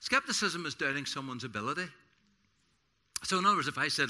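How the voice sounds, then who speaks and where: Male pastor in a church service; lively, self-deprecating storyteller with a sharp, bright tone. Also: on the high side, fast talker, long pauses. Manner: animated, self-deprecating storyteller, repeats words and restarts. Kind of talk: sermon with personal anecdotes.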